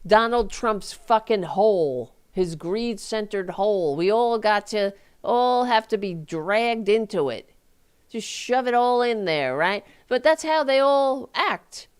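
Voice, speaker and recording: A woman talk show host in a heated, profane political rant. She talks slowly and her voice is smooth and clear. Her pitch leaps high whenever she mocks someone. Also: expressive. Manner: heated, profane, sarcastic, voice jumping high in mockery. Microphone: desk microphone.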